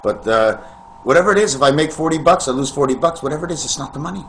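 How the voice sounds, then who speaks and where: Male vlogger, pitch a touch high, free-associating monologue with sudden loud bursts over faint background noise. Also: animated, racing. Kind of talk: rambling monologue to camera.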